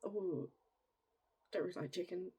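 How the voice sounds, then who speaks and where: A young woman with a northern English accent, musing in a rambling, giggly way and slipping into soft, whispery asides. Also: on the low side, unhurried, husky. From northern England. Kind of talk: casual musing monologue.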